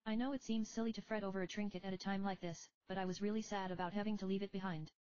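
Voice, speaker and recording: A woman voicing a gentle, breathy young priestess girl who speaks softly and politely in a storybook reading. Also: mid-range voice, fairly even intonation, fast talker, no echo, highs cut off, pitched above the performer's own voice, lightly acted. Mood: earnest.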